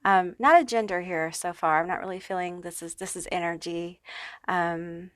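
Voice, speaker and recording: A woman's voice: lowish voice, normal speed, no room sound. Chatty, foul-mouthed woman reading tarot. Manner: chatty and profane, many fillers and check-in okays. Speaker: tarot reader. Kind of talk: casual pick-a-card tarot reading.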